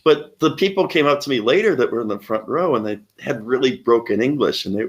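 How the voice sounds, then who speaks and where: A man's voice: mid-range voice, lively intonation, a little fast. Young comedian guy telling a story, laughs a lot, normal mid voice. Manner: laughs often, tells anecdotes with quoted voices. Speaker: guest, comedian and teacher. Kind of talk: casual conversational storytelling.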